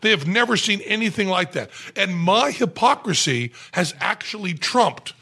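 A middle-aged man telling a long anecdote as a podcast guest, in an animated, profane, self-mocking way, recorded on a podcast mic in a club room. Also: sits high, normal speed, slightly rough. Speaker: guest storyteller.

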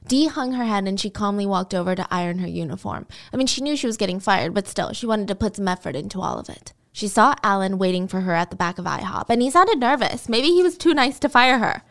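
A woman's voice: mid-range voice, animated, quick pace, few pauses. A woman hosting a podcast, telling a true-crime story in a casual, chatty way with dramatic asides.

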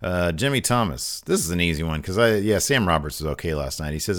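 Lively low-voiced man reading chat. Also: fast talker, hardly any pauses. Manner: laughs often, animated, reads viewer messages aloud. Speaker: podcast co-host reading chat questions. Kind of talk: casual chat.

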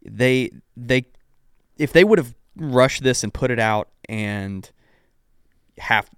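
A man's voice: mid-range voice, lively intonation, slow, clear, resonant tone, no room sound, clean studio sound. A congested man co-hosting a casual tech podcast, easygoing and agreeable, often repeating words. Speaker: podcast co-host.

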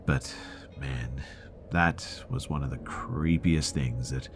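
Guy with a super deep low voice reading spooky listener stories, dramatic, hushed asides. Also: takes it slowly, background noise. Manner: dramatic, drops to a whisper for asides. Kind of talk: scripted horror story narration.

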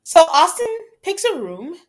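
Her voice sits extremely high and swings hugely in pitch, though her pace stays measured. As a podcast co-host she chats casually about a reality show, animatedly mimicking cast members in playful voices.

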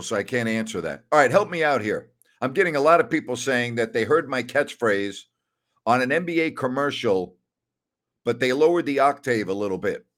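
A man's voice: medium pitch, a bit bright. An older man hosting a sports talk show, ranting with rhetorical questions and answering listener questions in a casual, emphatic way. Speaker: sports radio host.

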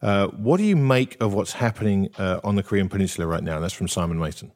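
Hesitant low-voiced male host. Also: quick pace, darkish tone. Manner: hesitant, many ums and restarts. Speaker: interview host. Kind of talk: hosting an interview.

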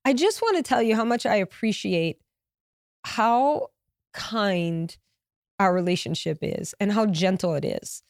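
Woman guest from Louisiana, mid pitch, earnest and heartfelt, dry close mic. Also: animated, measured pace, a little mellow, dry recording. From Louisiana, USA. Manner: earnest, heartfelt, uses "like" often. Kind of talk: candid interview conversation.

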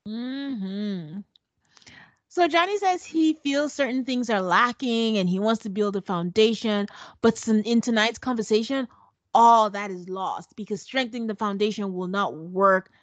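A woman's voice: medium pitch, unhurried, no echo, lo-fi sound. A woman co-hosting a casual recap chat, blunt and sarcastic as she retells what happened. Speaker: podcast co-host.

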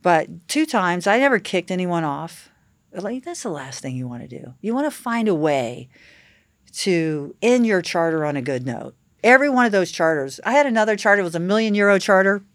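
Low-voiced woman telling yacht stories. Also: normal speed, no echo. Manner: animated anecdotes with acted-out quotes. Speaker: guest, yacht captain. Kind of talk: casual podcast storytelling.

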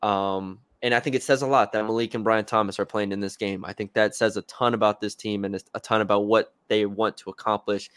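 A man's voice: fairly low pitch, steady tone, a little fast, few pauses, a bit bright, smooth, dry recording. A man co-hosting a sports podcast, talking casually and hedging with fillers and restarts.

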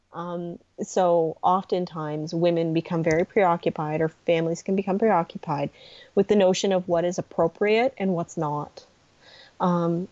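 A middle-aged woman, a guest on a podcast, speaking earnestly and gently about grief support, with frequent pauses and ums. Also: lowish voice, dry recording, lo-fi sound. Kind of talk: podcast interview conversation.

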